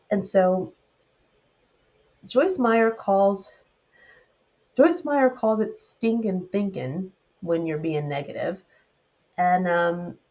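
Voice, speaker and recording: A woman's voice: fairly low pitch, a little mellow, lo-fi sound. A woman with a Southern US accent teaching a Bible study, retelling the verses and then adding loose commentary of her own.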